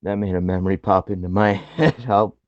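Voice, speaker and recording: A man co-hosting a casual podcast chat, laughing often and swearing in animated bursts. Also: sits low, fairly quick, dry recording, highs cut off. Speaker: podcast co-host.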